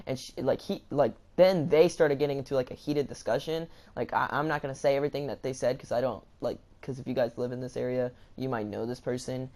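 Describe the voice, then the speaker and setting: A man's voice: mid-range voice, steady tone, fast talker, hardly any pauses, a little mellow. Casual storytime vlogger, young male, stammers and restarts, rambling delivery. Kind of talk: storytime vlog.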